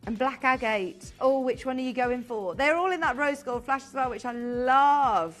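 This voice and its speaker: A young British woman presenting a live TV shopping show, gushing and chatty with quick asides. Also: sits high, a bit bright, soft background music.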